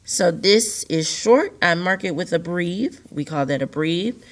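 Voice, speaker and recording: This woman's voice is on the low side, with lively intonation and an unhurried pace. As a teacher in a recorded video lesson for young pupils, she patiently repeats important words and gives them sing-song stress.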